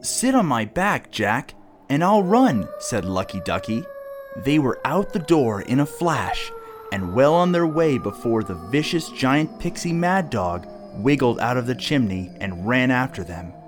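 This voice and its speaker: A man reading a children's story aloud, expressive and storybook-style. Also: medium pitch, a little slow, over music.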